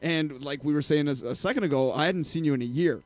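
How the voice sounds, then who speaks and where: A man hosting a casual internet radio show, loud, joking and laughing often as he banters in a studio. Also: on the high side, quick pace, no room sound.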